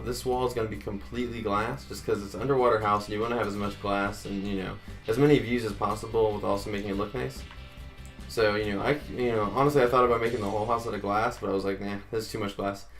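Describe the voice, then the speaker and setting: A man's voice: on the low side, steady tone, quick pace, a bit bright, faint music behind. A man hosting a casual game-building tutorial, talking chattily to viewers and counting blocks aloud. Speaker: Minecraft tutorial host.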